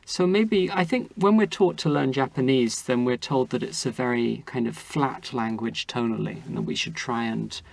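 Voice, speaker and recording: A man who is a guest in an interview, explaining his points in a steady, considered way. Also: mid-range voice, normal speed, creaky, hardly any pauses. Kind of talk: conversational interview.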